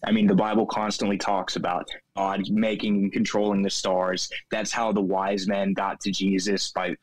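A male caller argues his case earnestly and dismisses the other side's points. His voice is low. The sound is close and dry. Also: level tone, moderate pace, dry recording. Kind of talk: call-in argument.

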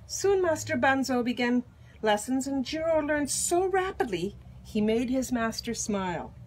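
An older woman reading a children's picture book aloud in an expressive, animated storytelling manner. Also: high voice, measured pace, husky, rough recording. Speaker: storybook reader.

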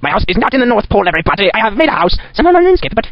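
A man's voice: sits high, very animated, very fast, hardly any pauses, dry recording. A man giving in-character game commentary as an insane Santa, cackling and ranting in a manic way, on a sped-up home recording. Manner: manic, cackling, putting on a crazed Santa persona. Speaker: gamer playing in character. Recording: dull lo-fi sped-up desktop recording.

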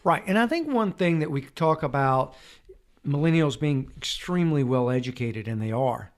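A man's voice: on the high side, expressive, moderate pace. A man, a wealth advisor, chatting as a podcast guest and telling stories from his own past. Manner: storytelling, acts out quotes. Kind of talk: casual podcast interview.

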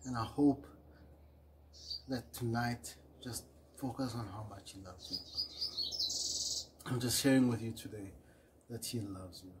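Speaking slowly and pausing often, this preacher gives a brief devotional sermon in a mid-range voice with huge swings in pitch, background noise audible behind him. He repeats himself earnestly, lets phrase endings trail off softly, and reads scripture, stopping to fix mistakes with little apologies.

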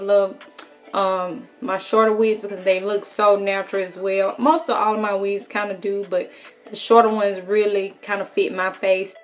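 Friendly Southern woman vlogger, mid-pitched, casual and encouraging with lots of ums. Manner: chatty and encouraging, frequent ums, repeats words for emphasis. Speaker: military service member vlogger. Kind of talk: casual how-to vlog chat.

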